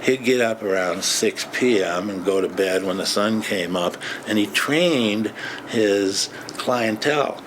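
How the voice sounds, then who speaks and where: A man reminiscing in an interview, steady and matter-of-fact. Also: fairly low pitch, noisy background.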